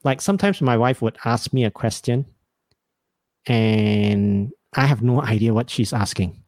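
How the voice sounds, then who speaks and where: A man's voice: medium pitch, measured pace, darkish tone, no echo. A man, hosting a podcast and telling rambling, self-mocking comic stories with frequent laughs. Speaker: podcast host. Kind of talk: casual comedic storytelling.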